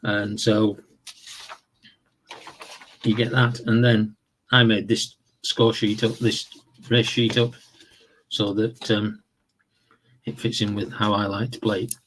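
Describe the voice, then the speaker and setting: A man casually walking through the rules of a horse racing board game, explaining in a relaxed, rambling way with fillers and self-corrections. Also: fairly low pitch, slow, long pauses, slight background noise. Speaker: tabletop game reviewer. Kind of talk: casual tabletop game walkthrough.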